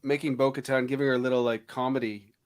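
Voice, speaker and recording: Thoughtful man trailing off softly. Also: medium pitch, flat delivery, fast talker, clear, resonant tone. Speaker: podcast co-host. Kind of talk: casual chat.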